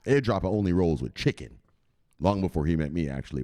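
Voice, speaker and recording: A man hosting a crypto channel, chatting excitedly and profanely, who shouts out exclamations and then drops to low mutters. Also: fast. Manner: swings between loud bursts and low mutters. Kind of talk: excited unscripted livestream chat.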